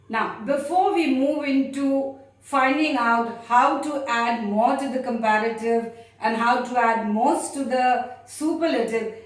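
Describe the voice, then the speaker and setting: A woman's voice: fairly high pitch, recorded from a distance. Patient woman teacher in an echoey room. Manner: patient, explaining step by step. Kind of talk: grammar lesson for children.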